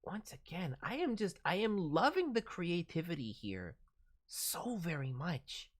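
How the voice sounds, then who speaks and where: Woman streamer, slow delivery, enthusiastic with stammering fillers, voicing fan characters. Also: fairly low pitch, sing-song. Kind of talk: live-stream chat.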